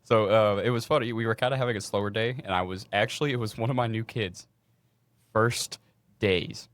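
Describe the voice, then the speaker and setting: A young man with a lowish voice tells a work story on a podcast. He talks casually and with energy, swears freely, and acts out the people in his story. The sound is close and dry. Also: steady tone, a little fast, fairly bright tone, no echo. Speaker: podcast co-host.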